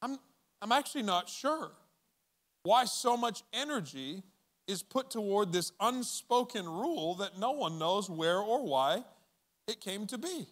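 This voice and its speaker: Guy pastor preaching, kinda high voice, chatty and animated, does little voices for the stories. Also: unhurried. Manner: conversational and animated, acting out quoted voices. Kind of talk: sermon. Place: church auditorium with audience.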